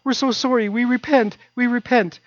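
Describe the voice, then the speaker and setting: A man voicing the ancient Israelites crying desperately to God for help, in a high, wailing voice. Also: steady tone, normal speed, dry recording. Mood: pleading. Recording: dull dry recording.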